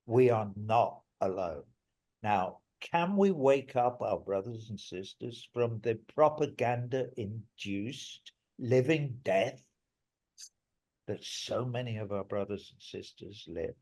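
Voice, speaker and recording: A man's voice: lowish voice, expressive, takes it slowly, darkish tone. An older man, a musician guest in an interview, telling stories in a rambling, emphatic way and swearing now and then. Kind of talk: interview storytelling.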